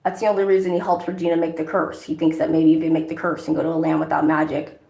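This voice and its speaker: Rambling, cursing woman with a gravelly voice. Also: low voice, level tone, quick pace, mellow. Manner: rambling, swears a lot. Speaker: vlogger, songwriter. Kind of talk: casual chat while doing makeup. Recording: echoey room.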